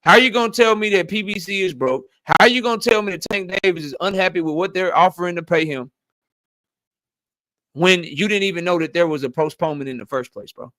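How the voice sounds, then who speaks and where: A man's voice: high-pitched, quick pace, pushed and bright, no room sound. A middle-aged man hosting a channel, arguing his point insistently and with a lot of profanity in a heated debate. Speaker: channel host.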